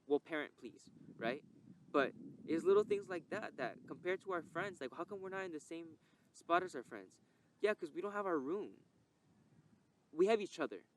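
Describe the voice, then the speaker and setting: A young man telling a candid, emotional personal story, rambling and swearing as he reflects. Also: fairly high pitch. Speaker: podcast host. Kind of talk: reflective personal testimony monologue.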